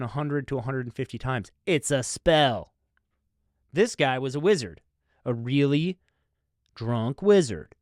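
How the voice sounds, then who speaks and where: A man hosting a comedy podcast, telling a rambling story with deadpan, mock-serious asides. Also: mid-range voice, unhurried, no echo, clean studio sound. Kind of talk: comic storytelling.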